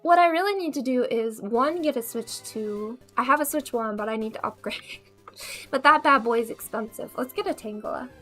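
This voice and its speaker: A woman's voice: fairly high pitch, moderate pace, bright, forceful tone, soft background music. A bubbly woman streaming a game, chatting casually with viewers and laughing often. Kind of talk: casual gaming chat.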